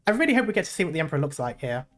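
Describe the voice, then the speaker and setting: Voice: mid-range voice, very animated, very fast, soft background music. Chatty, jokey game streamer. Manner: chatty, jokey, self-correcting. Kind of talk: casual gameplay commentary.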